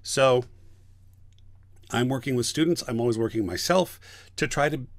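A man's voice: mid-range voice, moderate pace, no room sound. A man who directs and teaches voice acting, telling a story in a casual podcast interview and acting out the people in it. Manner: animated storyteller, acts out quoted voices.

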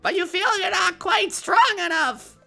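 A synthetic voice speaking as a calm, earnest game villager in even, solemn scripted lines. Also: female voice, extremely high pitch, measured pace, gravelly, soft background music, full character voice. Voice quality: synthetic speech voice. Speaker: game character. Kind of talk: video game dialogue.

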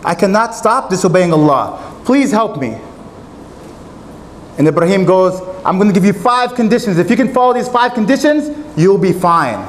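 A man's voice: high-pitched, lively intonation, moderate pace, poor audio. A man preaching a sermon in a mosque, earnest and storytelling. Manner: earnest, retelling a story with quoted dialogue.

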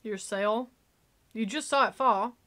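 A woman giving excitable, gushing casual commentary while reacting to a movie. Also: fairly high pitch, slow pace.

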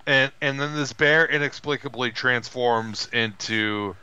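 A man's voice: unhurried, clear, resonant tone, muffled recording. A man co-hosting a podcast, animatedly retelling a film in casual chat. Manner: animated retelling with high put-on voices for quoted characters. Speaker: podcast co-host.

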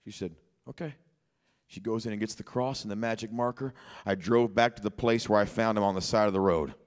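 A man preaching a sermon in church, telling a story quietly, then rising to shouts. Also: lowish voice, brisk. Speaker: pastor. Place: church sanctuary.

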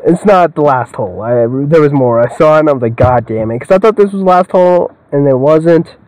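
A man's voice: fairly high pitch, expressive, a little fast, a little mellow, dry recording, poor audio. A young man giving rambling, joking let's-play commentary, swearing a lot and laughing often. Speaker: gamer.

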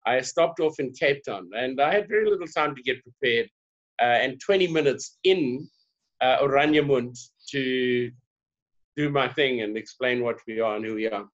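A South African man telling stories in a podcast interview, voice sitting at a middle pitch. He slips into little voices to act out the people in his anecdotes. The recording is somewhat dull and lo-fi. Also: moderate pace. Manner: animated, acts out dialogue in voices. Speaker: guest, diversity trainer. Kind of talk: conversational storytelling.

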